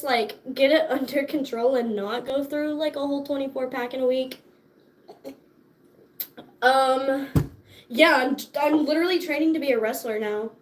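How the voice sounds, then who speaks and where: A young woman chats casually on a livestream with a bright, high voice. She talks at an unhurried, drawn-out pace, swearing freely and breaking into laughter often. She sounds tired and sore. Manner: bubbly, profane, laughs often. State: tired and sore after dance class. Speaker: livestream host.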